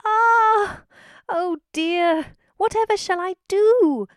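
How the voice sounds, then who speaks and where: A woman's voice: fairly high pitch, expressive, moderate pace, a little mellow, no echo, clean studio sound, voice pushed up, natural voice. A woman reading a storybook and voicing a kind, flustered mother goat who is overwhelmed and desperate. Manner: desperate, wailing.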